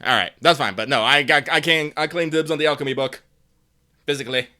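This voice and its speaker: A man chatting casually as a player at a tabletop game, excitable and stammering. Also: fairly high pitch, quick pace.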